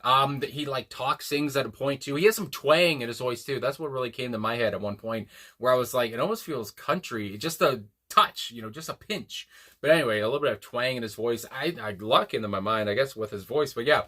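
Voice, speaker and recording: A man with a bright, forward-sounding voice talks casually about a song he just heard. He rambles, restarts his sentences and fills gaps with ums and uhs, dropping a casual swear here and there. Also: mid-range voice, fast talker. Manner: rambling, many fillers and restarts, laughs to himself. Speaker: music reaction host. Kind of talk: casual music reaction talk.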